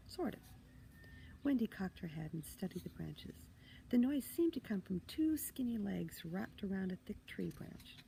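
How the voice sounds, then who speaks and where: A woman author reading a children's chapter book aloud, expressive with hushed asides. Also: lowish voice, vocal fry, a little hiss or hum, rough recording. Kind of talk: storybook reading.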